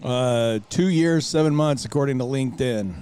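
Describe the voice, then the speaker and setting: A man of middle pitch answers as a guest on a beer podcast. His humor is dry and self-deprecating. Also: normal speed, mellow. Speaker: brewery owner, guest. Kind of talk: casual interview chat.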